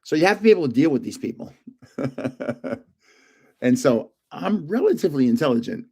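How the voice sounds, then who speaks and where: A man's voice: fairly high pitch, very animated, brisk, creaky, a little mellow, breathy edge. An older man hosting a casual livestream from home, rambling through anecdotes and chuckling often. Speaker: livestream host.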